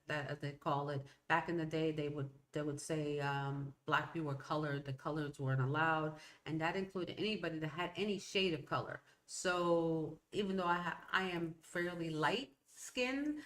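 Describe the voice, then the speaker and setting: Woman in her fifties, podcast host, low voice, rambling personal storytelling. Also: a bit bright. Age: 50s. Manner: rambling, conversational, frequent restarts.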